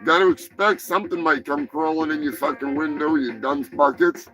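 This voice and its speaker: A rowdy man hosts a live show and riffs on weird news with profane, mocking jokes. His voice sits a little high, and soft music plays faintly behind him. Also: steady tone, moderate pace, low-quality recording. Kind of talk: crude comedic news chat.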